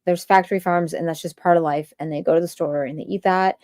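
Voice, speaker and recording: Rambling woman with a mellow voice. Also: on the low side, steady tone, quick pace, no echo, clean studio sound. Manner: rambling, many filler "likes". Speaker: livestream host. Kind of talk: stream-of-consciousness rant.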